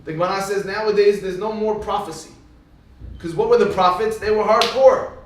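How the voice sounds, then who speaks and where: A male rabbi gives a Torah lecture in a high-pitched, fairly quick voice, animatedly telling stories and acting out what people said. He stands far from the mic in an echoey hall, and there's a little hiss or hum.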